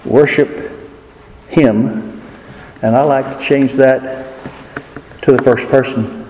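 A man preaching a sermon in an earnest, emphatic way, leaning slowly on key words. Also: medium pitch, steady tone, darkish tone. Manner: earnest, emphatic, with slow drawn-out stresses. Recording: echoey hall with faint noise.

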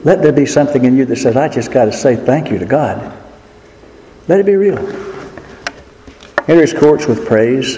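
A man preaching a sermon in an earnest, emphatic way, leaning slowly on key words. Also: medium pitch, dark tone. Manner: earnest, emphatic, with slow drawn-out stresses. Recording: echoey hall with faint noise.

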